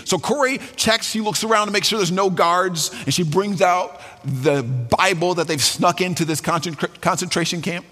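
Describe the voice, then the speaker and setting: A man's voice: high voice, normal speed, few pauses, sharp tone, breathy edge, in a large hall. A man preaching a sermon as a pastor, telling a story with fillers and restarts.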